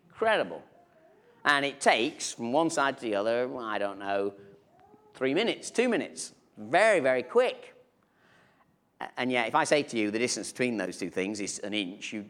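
A man's voice: medium pitch, a bit bright. A man preaching a sermon in church, conversational and humorous, with playful asides.

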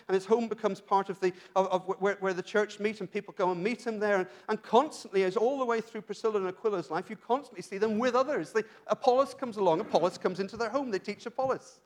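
High-voiced earnest British preacher. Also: male voice. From Britain. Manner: earnest, asks rhetorical questions, frequent restarts. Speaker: pastor. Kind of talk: sermon.

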